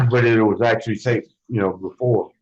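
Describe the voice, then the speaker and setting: A former wrestler as an interview guest, telling stories casually in a rambling way, swearing freely and acting out what others said. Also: male voice, fairly low pitch, fairly even intonation, normal speed, a bit bright, dull audio. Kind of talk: casual storytelling.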